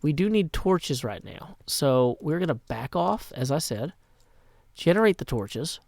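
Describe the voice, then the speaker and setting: A middle-aged man from Nashville, chatting casually as he plays a game on a live stream, self-deprecating, and often dropping to a hushed mutter. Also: fairly high pitch, very animated, unhurried, vocal fry, no room sound. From Nashville, Tennessee. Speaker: gaming streamer. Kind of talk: casual live gameplay commentary.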